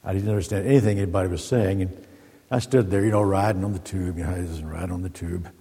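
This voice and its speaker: A man preaching in a church, his voice deep, dark and a little husky. He moves from folksy stories into measured teaching. The sound rings with a long echo through a large hall. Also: steady tone. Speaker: Orthodox priest. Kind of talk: sermon with opening jokes. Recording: echoey hall with long reverb.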